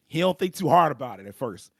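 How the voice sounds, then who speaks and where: A man's voice: a little high, a little fast, no echo, clean studio sound. Slangy male podcaster recapping an anime. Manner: slangy, animated storytelling, frequent throat-clearing. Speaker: podcast co-host. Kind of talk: casual anime recap chat.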